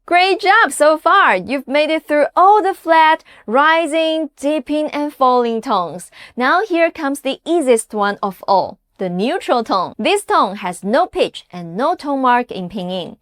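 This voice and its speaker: A woman narrating a scripted beginner language lesson, upbeat and encouraging, saying each example word slowly and clearly. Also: high voice, very animated, fairly bright tone, no room sound, studio quality. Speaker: language teacher.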